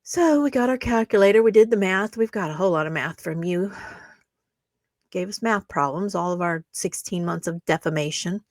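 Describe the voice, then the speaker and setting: A woman's voice: lowish voice, normal speed, a little mellow, no room sound, clean studio sound. A woman YouTuber ranting back at online commenters, sarcastic and indignant, mocking them at length.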